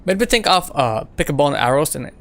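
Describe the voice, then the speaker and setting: A man's voice: a little high, big pitch swings, a little fast, a bit bright. Rambling man chatting. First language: French. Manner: rambling, filler-heavy, repeats himself. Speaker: game streamer. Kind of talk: casual stream chat with viewers.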